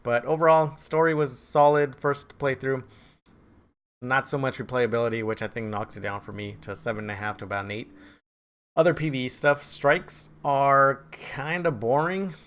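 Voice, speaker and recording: A man's voice: medium pitch, a little fast. A man giving a casual, rambling game review in a vlog, offhand and self-deprecating. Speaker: gaming video creator.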